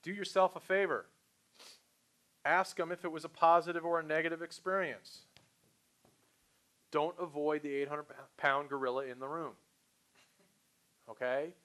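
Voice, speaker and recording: A man's voice: on the high side, normal speed, pauses often. A man leading a sales training session, talking casually to trainees and acting out short phone exchanges. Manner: animated, acts out customer and salesperson lines. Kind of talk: live sales training talk.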